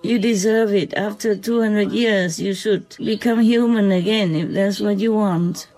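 A spiritual vlogger speaking gently at night to an unseen animal, softly giving blessings and often asking "okay?", then calmly recounting their day. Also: mid-range voice, poor audio. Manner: soft, slow, affectionate blessings with repeated "okay?".

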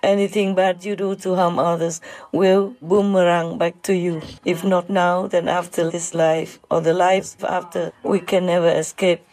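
Woman speaker, unhurried and gravelly, halting and emotional in a spiritual talk. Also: lowish voice, flat delivery, a little mellow, poor audio. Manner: halting, with many fillers and repeats.

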